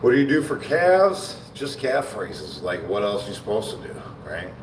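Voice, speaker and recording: A man's voice: fairly low pitch, sing-song, normal speed, background noise. A man chatting casually on a live bodybuilding stream between sets, laid-back and slangy, often laughing. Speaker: bodybuilding livestreamer. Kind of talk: casual livestream chat while training. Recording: echoey room, mic far off, faint ambience.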